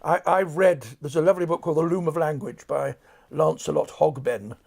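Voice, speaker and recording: Older male guest, gravelly, slightly high-pitched, dry and measured, relaxed studio chat. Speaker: guest narrator. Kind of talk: casual interview chat. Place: recording studio.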